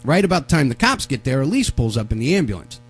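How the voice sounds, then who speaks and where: A man's voice: mid-range voice, quick pace, breathy edge, faint music behind. A man telling a long story on a live talk show, acting out the voices of the people in it. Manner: animated, acts out the voices of people in his story. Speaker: radio show co-host.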